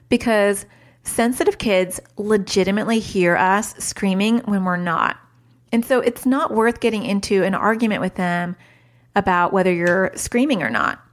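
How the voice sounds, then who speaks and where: A woman in her thirties hosting a parenting podcast, talking casually, chatty and self-mocking, mixing advice with stories from home, into a studio mic. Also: medium pitch. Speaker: podcast host and parenting coach.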